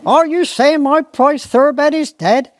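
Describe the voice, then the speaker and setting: A performer doing a blustering, outraged posh squire. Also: male voice, high-pitched, big pitch swings, normal speed, a little mellow, no echo, voice pushed up. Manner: blustering, increasingly outraged questions. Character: posh, hot-tempered upper-class country squire.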